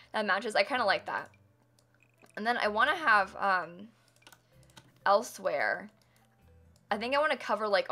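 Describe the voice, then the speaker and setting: A woman's voice: medium pitch, pushed and bright. A young woman live-streaming a game build, chatting casually and laughing often as she thanks viewers. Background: faint music and keyboard typing.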